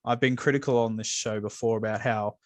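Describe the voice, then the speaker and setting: A man's voice: fairly low pitch, fairly quick, dry recording. An Australian man co-hosting a casual football chat show, talking loosely with plenty of fillers and restarts. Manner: relaxed, hesitant with fillers. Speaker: co-host.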